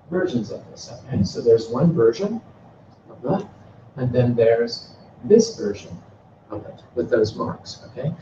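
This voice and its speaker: A man with a mid-range, dark-toned voice teaches a beginners' Greek class, drilling words for students to repeat and stretching them out to show stress. The classroom lecture is recorded far from the mic, sounding distant, roomy, and dull, with slight background noise.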